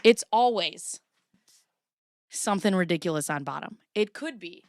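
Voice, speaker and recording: A woman's voice: lowish voice, animated, moderate pace, dry recording. Chatty, profane woman livestreaming from her basement. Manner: profane, chatty, laughs often. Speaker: livestream host. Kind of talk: casual livestream commentary. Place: home basement. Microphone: camera pointed at herself.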